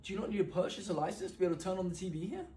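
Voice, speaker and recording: Man, high pitch, casual slang, echoey room. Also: racing, warm tone. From United Kingdom. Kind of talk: comedy skit chat.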